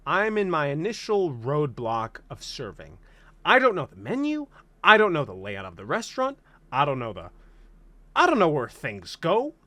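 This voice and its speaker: Twenties guy, dramatic comic vlogger, bouncy higher voice, dry close mic. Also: wildly swooping pitch, normal speed, sharp tone, dry recording. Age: 20s. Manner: dramatic, exaggerated, self-mocking. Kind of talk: comedic vlog rant.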